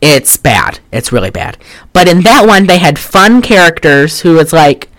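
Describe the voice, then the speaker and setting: Podcast co-host, casual chat, rambling, sarcastic, restarts a lot, middle pitch. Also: big pitch swings, a little slow, a bit bright. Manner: rambling, heavy use of "like", wry and sarcastic; trails off and restarts often. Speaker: podcast co-host recapping a film.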